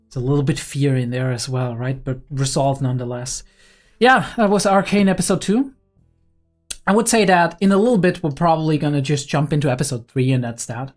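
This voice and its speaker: A man's voice: on the high side, brisk, soft background music. A young man hosting a reaction video, talking casually and rambling with lots of fillers and chuckles. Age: young adult.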